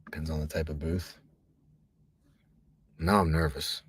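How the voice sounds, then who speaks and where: A man hosting a casual sports betting chat from an office booth, talking loosely and profanely, rambling, at times hushed and at times loud. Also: rumbling low, level tone, unhurried, slightly rough. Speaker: sports betting podcast host.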